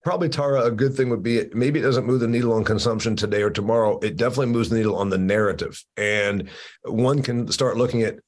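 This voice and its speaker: A man's voice: on the low side, steady tone, fast. A man hosting an opinionated discussion over a video call, emphatic and teasing, with many restarts. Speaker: podcast host.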